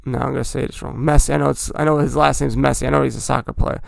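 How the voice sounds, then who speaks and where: Gravelly, rambling man on a podcast. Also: mid-range voice, level tone, rapid-fire, no room sound, studio quality. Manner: rambling, chatty, self-correcting. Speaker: podcast host. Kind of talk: casual hobby talk.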